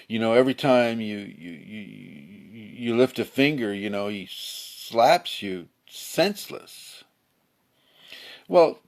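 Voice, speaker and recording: A man giving a casual spiritual talk, slightly hoarse, who acts out angry people with sudden shouts. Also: on the low side. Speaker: spiritual teacher. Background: a pet bird fluttering.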